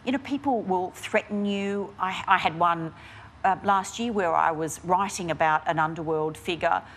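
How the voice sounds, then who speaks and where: Speaking at normal speed with a fairly low pitch, an Australian woman comes through with slight hiss or hum. She's an investigative journalist guest answering interview questions frankly and animatedly, often restarting and using fillers in a candid, conversational style.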